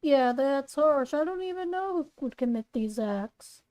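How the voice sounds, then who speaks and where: A woman voicing a laid-back teen boy who talks in a slow, low-key drawl. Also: animated, darkish tone.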